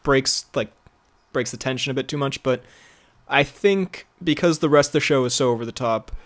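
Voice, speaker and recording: A young man co-hosting a casual podcast, animated and laughing often, with bursts of mock outrage. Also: mid-range voice, normal speed. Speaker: podcast co-host. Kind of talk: casual chat.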